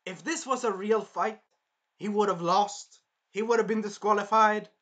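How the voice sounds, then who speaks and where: A rambling anime reviewer with a bright, forward voice, talking casually and swearing often. The delivery wanders between tangents and side notes in an unpolished, chatty way. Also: mid-range voice, normal speed. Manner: rambling, profane, jumps into loud impressions of characters.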